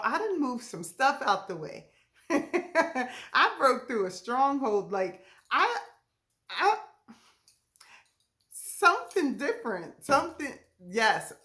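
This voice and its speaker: A woman with a medium-pitched, slightly bright voice leads a ministry message. She speaks from the heart, emotional and laughing through near-tears, in casual speech with a Southern tinge.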